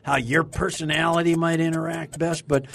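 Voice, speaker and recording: A man's voice: on the high side, level tone, moderate pace, gravelly, a bit bright, slight background noise. A man hosting a casual comedy podcast, asking questions and teasing his guest. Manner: joking, teasing, asks questions. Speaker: podcast host.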